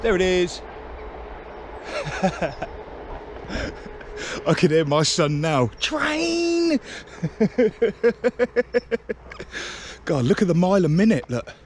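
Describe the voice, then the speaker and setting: A man giving chatty, excitable walking commentary to the camera as a railway enthusiast vlogger. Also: on the high side, measured pace, long pauses. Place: outdoors on a path beside a railway line. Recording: outdoor street noise.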